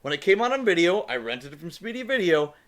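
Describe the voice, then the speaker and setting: A man's voice: high voice, very animated, fast talker, fairly bright tone. A man hosting a podcast, chatting easily about a film and laughing often. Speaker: podcast host. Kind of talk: casual chat.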